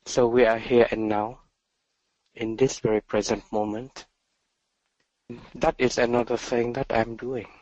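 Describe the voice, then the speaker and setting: Man, meditation teacher, dharma talk, soft-spoken, halting, very slow, dry close sound. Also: medium pitch, little pitch movement, no echo, rough recording.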